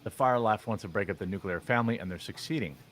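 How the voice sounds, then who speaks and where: A man's voice: fairly low pitch, fast, fairly bright tone. A man giving opinionated commentary on video clips in a sarcastic, mocking, rambling way with many fillers. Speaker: commentary vlogger.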